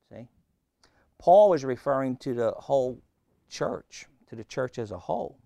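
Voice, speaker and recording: A man preaching a sermon as pastor, swinging between loud emphasis and quiet asides. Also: medium pitch, gravelly, no echo, studio quality.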